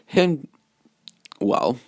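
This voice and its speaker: A man's voice: extremely slow, a little mellow, no echo, clean studio sound. A man casually retelling a fan story, rambling with lots of fillers.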